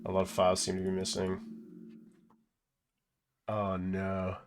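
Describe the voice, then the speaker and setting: A man's voice: deep voice, completely flat delivery, very fast, noisy background. A young man streaming a game live, muttering commentary with swearing and mocking asides. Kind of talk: casual live gameplay commentary.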